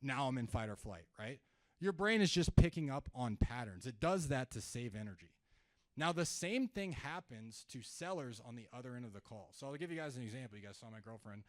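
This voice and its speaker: A young sales trainer speaks to a live audience in an event room, his mid-range voice a little fast and free of room sound. Energetic and jokey, he banters with the crowd and role-plays phone calls in contrasting tones.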